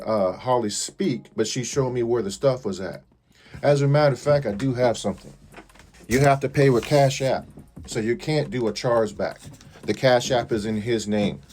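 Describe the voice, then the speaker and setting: A man's voice: lowish voice, a little mellow. Indignant man airing a grievance. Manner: indignant, repeats pointed questions. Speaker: vlogger. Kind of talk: complaint video to viewers.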